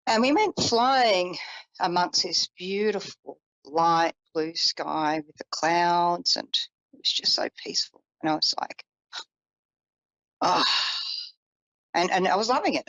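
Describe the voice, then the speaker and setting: A woman psychic telling a personal story in a chatty, animated way, with self-deprecating asides. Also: lowish voice, no room sound, low-quality recording. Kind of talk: personal storytelling on a live call-in show.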